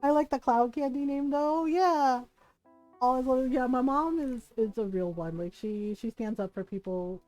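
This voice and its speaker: A woman streamer chatting casually, telling a family story in an animated way and giggling often. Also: sits high, moderate pace, dry recording, faint music behind, poor audio. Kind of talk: casual chat while gaming.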